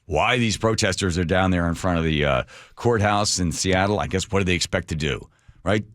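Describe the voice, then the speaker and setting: A man's voice: low voice, brisk, a bit bright, dry recording, studio quality. A middle-aged man hosting a radio talk show, delivering a sarcastic, mocking monologue and acting out quotes in a raised voice. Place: radio studio. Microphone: studio microphone.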